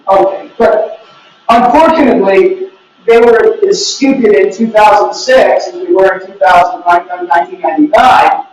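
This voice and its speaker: Man, academic talk, wry and opinionated, high voice, distant mic. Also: normal speed, a little mellow. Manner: wry, opinionated, joking asides. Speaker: researcher presenting. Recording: echoey room, mic from far off.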